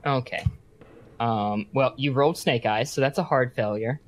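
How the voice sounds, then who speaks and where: A man's voice: mid-range voice, moderate pace. A man narrating a tabletop role-playing game as game master, switching between narration and character voices.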